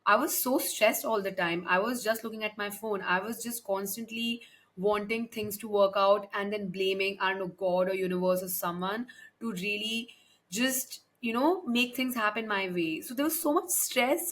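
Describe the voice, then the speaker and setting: A woman's voice: medium pitch, normal speed, a bit bright. A young woman hosting a podcast, giving a frank, emphatic solo monologue with frequent swearing and restarts. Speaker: podcast host.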